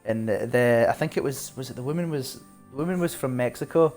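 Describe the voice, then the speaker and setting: A Scottish man from Glasgow talks easily to his viewers while playing. He asks them questions, laughs often and wanders from topic to topic. Quiet game music plays behind him. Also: mid-range voice, a little fast. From Scotland, Glasgow. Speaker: streamer. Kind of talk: casual chat while playing a game live.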